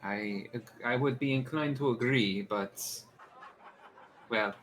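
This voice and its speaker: A man's voice: medium pitch, slow pace, fairly bright tone, a faint crowd, poor audio. A man playing a tabletop game, talking in character in a formal, hesitant way with many restarts. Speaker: player. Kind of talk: in-character tabletop role-play.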